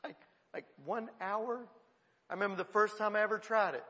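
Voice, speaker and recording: At an ordinary speed, a pastor with a gravelly, high and bright voice relates an amusing story as part of his sermon, breaking into laughs in the middle of sentences. He's very lively, and a large hall's long reverb follows his words.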